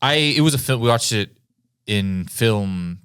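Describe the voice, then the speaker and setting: A man's voice: lowish voice, lively intonation, fairly bright tone, smooth, no room sound, clean studio sound. A man riffing jokes in casual banter on a comedy podcast. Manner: joking, quick riffing banter.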